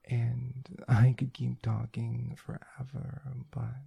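A man in whispered role-play with a deep gravel to his voice and a rough, breathy huskiness. His low, murmured delivery slips in and out of a whisper. The sound is close and dry, with little room around it. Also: completely flat delivery, slow pace, mellow, no room sound. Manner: intimate, breathy murmuring with frequent whispers and profanity. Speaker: erotic audio performer. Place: room indoors.

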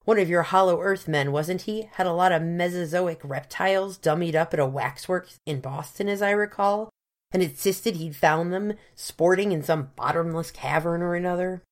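A woman's voice: on the low side, moderate pace, close to an everyday voice. A woman reading the part of a stubborn, dismissive male academy secretary with a dry, skeptical manner.

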